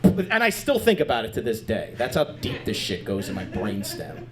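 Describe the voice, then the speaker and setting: A man doing stand-up comedy on a club stage, animated and crude, chatting with the crowd. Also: on the low side, normal speed.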